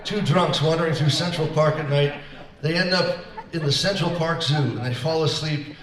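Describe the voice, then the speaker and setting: A man's voice: on the high side, moderate pace, crowd noise. A man telling a string of jokes to a senior center audience in an easygoing way, playing the voices of his characters. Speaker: performer at a senior center concert. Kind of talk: telling jokes between songs. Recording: echoey room, voice from far off.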